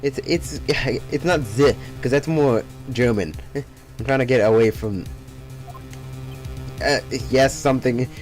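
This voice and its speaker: A man's voice: medium pitch, takes it slowly, pauses often, a little mellow, soft background music. A man casually playing through a story game, reading the parts aloud and making rambling, self-mocking asides. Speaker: let's play host.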